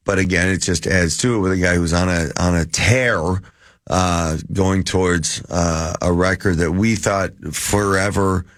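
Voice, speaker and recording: A man's voice: sits low, dry recording, clean studio sound. A middle-aged man, a former hockey player, co-hosting a casual sports radio chat and rambling with many restarts.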